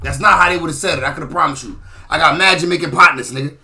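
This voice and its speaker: Loud, high-voiced man mocking clips. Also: fast talker. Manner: loud, profane, laughing and shouting mockery. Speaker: commentator reacting to clips. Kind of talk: casual reaction commentary.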